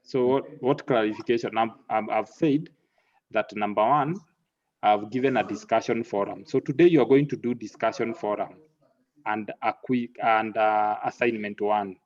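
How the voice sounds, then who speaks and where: A man lecturing an online class, halting and repeating words, slipping into Swahili now and then. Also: on the low side, a little mellow. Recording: muffled lo-fi audio.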